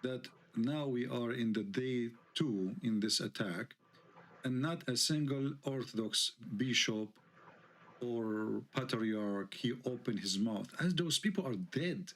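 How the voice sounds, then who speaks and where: Heated guy w/ tinged ranting on his online show, keeps firing questions, mid-pitch voice. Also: slow. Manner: heated, indignant, rhetorical questions. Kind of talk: live online debate talk.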